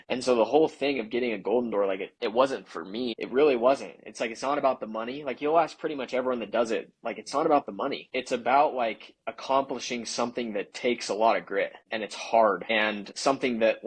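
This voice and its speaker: A young man with a husky, slightly breathy voice that sits a little low. He talks as a podcast guest in casual chat, earnest and rambling, filling his sentences with "like.". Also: low-quality recording. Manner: earnest, rambling, heavy use of "like". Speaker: sales leader guest.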